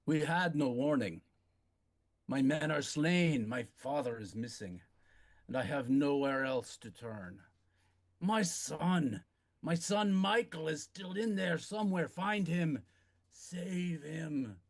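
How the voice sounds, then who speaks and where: A man's voice: a little high, animated, slow. A man voicing an exhausted noble lord who pleads and commands in a tabletop game. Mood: pleading.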